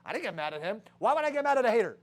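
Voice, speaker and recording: A young man with a high voice gives a blunt, swear-heavy motivational talk to a sales team. He keeps firing rhetorical questions at them. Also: sing-song, racing, slight background noise. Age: young adult.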